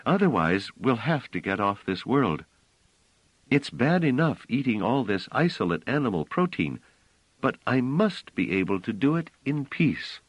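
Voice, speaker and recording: A protective young woman speaks softly and reassuringly, voiced by a man. Her voice sits above his natural range and moves in lively curves. The storybook reading is dry and close. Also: medium pitch, unhurried, slightly rough, no echo, muffled recording, pitched above the performer's own voice. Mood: irritated.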